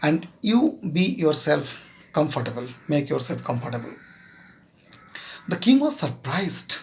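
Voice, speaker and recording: A man with an Indian English accent, a teacher slowly retelling a moral story to his students and often checking with them. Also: a little high, sing-song, slight background noise. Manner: keeps checking with "Clear?"; slow, halting retelling with fillers. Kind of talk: classroom storytelling lesson.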